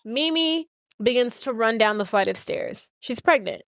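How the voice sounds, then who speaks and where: Woman on a podcast mic, higher voice, acts out every line of the movie, dry close sound. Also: normal speed, vocal fry, no room sound. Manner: animated storyteller acting out every character's lines, swearing freely. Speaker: podcast co-host. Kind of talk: casual chat, retelling a movie plot.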